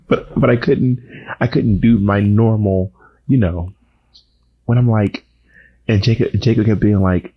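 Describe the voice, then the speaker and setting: A man co-hosting a casual chat, teasing his co-host with quick back-and-forth questions, his voice held soft and quiet as he recovers from voice strain. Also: lowish voice, dull audio. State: recovering voice, talking softer than usual. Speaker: podcast co-host.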